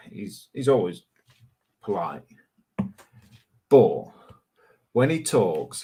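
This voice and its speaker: A man's voice: fairly low pitch, darkish tone. A man, co-hosting a casual live chat stream and teasing his co-host. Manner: teasing, jokey. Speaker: livestream co-host.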